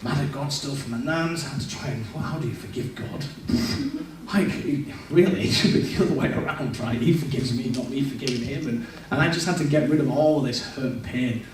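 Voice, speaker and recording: A man's voice: mid-range voice, brisk, few pauses, slight background noise. A man giving a personal testimony in church, talking in an earnest, reflective way. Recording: echoey church room, mic at a distance.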